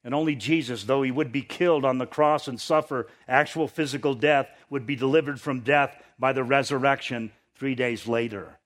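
A man preaching a sermon, reading scripture with rising intensity and dropping to quiet asides, often repeating words as he restarts. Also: moderate pace, hardly any pauses. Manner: preaching, rises in pitch and force when reading scripture, drops low for asides. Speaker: pastor.

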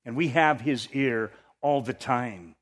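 A man preaching a sermon, reading scripture with rising intensity and dropping to quiet asides, often repeating words as he restarts. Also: slow. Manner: preaching, rises in pitch and force when reading scripture, drops low for asides. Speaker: pastor.

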